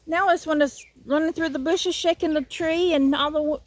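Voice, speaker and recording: Filming her chicken-filled backyard garden on a handheld phone, a Southern US woman speaks in a high, fairly quick voice with few pauses. The vlog is casual and chatty, and she jokes around animatedly, shifting from mutters to loud outbursts.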